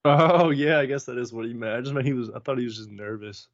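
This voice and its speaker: A man's voice: medium pitch, quick pace, dry recording. A young man co-hosting a podcast in an easygoing way, laughing often and running through lists of names. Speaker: podcast co-host. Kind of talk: casual chat. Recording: dull lo-fi dry recording.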